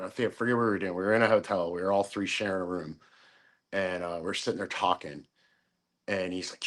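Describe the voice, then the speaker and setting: Low-voiced man telling rambling stories. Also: quick pace. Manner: rambling, many fillers, acts out quotes. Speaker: podcast guest. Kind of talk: casual chat.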